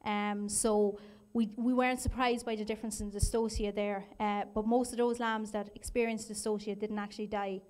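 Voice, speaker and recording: A woman fields questions from the floor at a conference. Her pitch barely moves, so her delivery sounds even and level. She answers plainly and leans on small fillers as she goes. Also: normal speed, hardly any pauses. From Ireland. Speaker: researcher answering audience questions.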